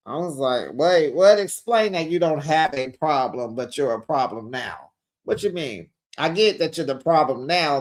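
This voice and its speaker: Chatty man with a higher voice. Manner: chatty, gossipy, acts out quotes with sass. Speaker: host. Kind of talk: casual reality TV recap commentary.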